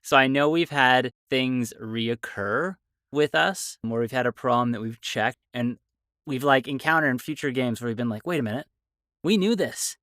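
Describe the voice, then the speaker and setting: A man's voice: medium pitch, moderate pace, fairly bright tone, clean tone, dry recording, clean studio sound. A man hosting a podcast, chatting and joking casually with his guests. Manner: jokey, chatty. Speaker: podcast host.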